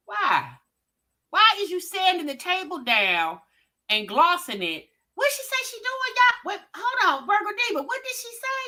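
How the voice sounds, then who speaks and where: A woman hosting a reaction video, giving loud, teasing commentary and talking straight to her viewers. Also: very high voice, big pitch swings, normal speed.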